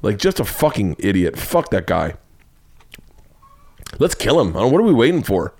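Profane, rambling American comedian. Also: male voice, fairly low pitch, normal speed, vocal fry. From United States. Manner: profane, rambling, animated storytelling. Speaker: comedian podcast host. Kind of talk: casual comedic monologue.

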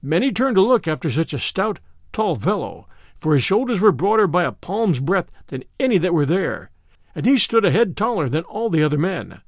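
A man narrating a classic adventure tale as an audiobook, reading in an expressive, theatrical way. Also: high voice, normal speed, no echo, studio quality.

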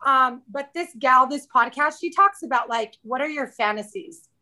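A woman's voice: high voice, expressive, normal speed, pushed and bright. A woman in her thirties, a podcast guest in casual chat, candid and chatty, often quoting herself.

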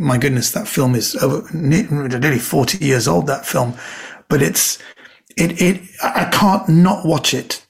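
A man's voice: on the high side, vocal fry. A middle-aged man, a comedian guest on a podcast, chatting casually and telling rambling stories, acting out the quotes.

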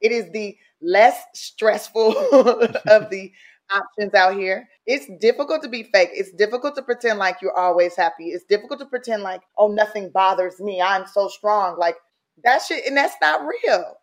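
Blunt, animated woman talking candidly. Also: medium pitch, moderate pace. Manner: blunt, animated, salty, mimics people. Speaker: guest. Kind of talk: candid casual interview talk.

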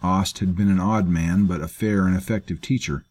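A man narrating a grim fantasy story in a measured, grave manner. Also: sits low, steady tone, a little mellow. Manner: measured, grave, performs all characters. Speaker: audiobook narrator. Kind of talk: scripted narration.

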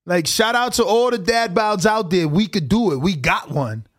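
A man hosting a livestream, reacting to a fight with slangy, excitable commentary. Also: high-pitched, moderate pace. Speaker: livestream host. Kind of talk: casual live watch-along commentary.

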